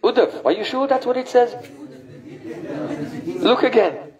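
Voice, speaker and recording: A man's voice: very high-pitched, a little slow, highs cut off, crowd noise, voice pushed up. A man voicing a group of eager young village girls who ask questions in a pleading way, within a spiritual lecture.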